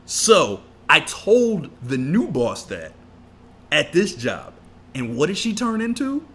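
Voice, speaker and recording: A man co-hosting a podcast, telling a work story in casual chat, animated and profane, laughing often. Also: fairly high pitch, slow. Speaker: podcast co-host.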